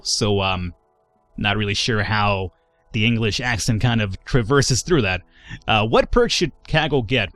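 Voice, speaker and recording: A man's voice: mid-range voice, no echo. A man hosting a let's play, chatting casually, swearing, thinking aloud and laughing at himself. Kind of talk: casual gameplay commentary.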